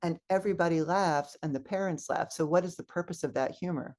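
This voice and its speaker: A woman's voice: fairly low pitch, a little fast. A woman guest minister giving a sermon, telling personal stories and acting out the voices of people in them. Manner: animated storyteller acting out quoted voices. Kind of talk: sermon with storytelling.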